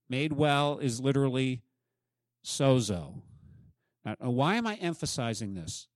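A man's voice: mid-range voice, very animated, moderate pace, no echo, studio quality. A man preaching a sermon as pastor, emphatic and often asking the congregation questions.

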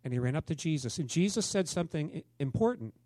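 Male pastor, conversational sermon, questions to the congregation, fairly high voice, dry sound. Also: animated, fast, warm tone, dry recording.

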